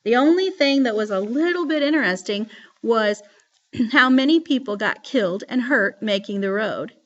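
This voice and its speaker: A woman reading a novel aloud in a lively storytelling manner. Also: on the high side, normal speed. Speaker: reader. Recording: dull lo-fi recording.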